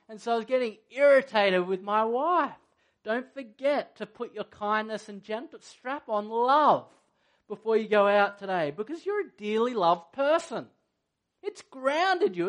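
A man's voice: high voice, fairly bright tone. A middle-aged male pastor preaching a sermon in an earnest, conversational way, often asking his listeners questions.

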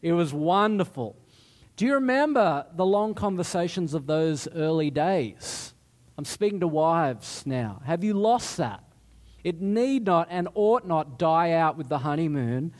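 A man's voice: a little high, expressive, unhurried, darkish tone. A middle-aged man preaching a sermon in a chatty, self-deprecating way, often restarting his sentences. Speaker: pastor.

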